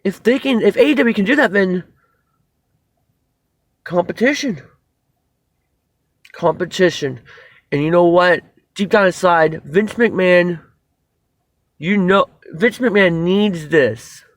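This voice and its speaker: A man reviewing a wrestling show in a casual video, excitable and rambling, swearing freely as he goes. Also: high-pitched, measured pace, no room sound.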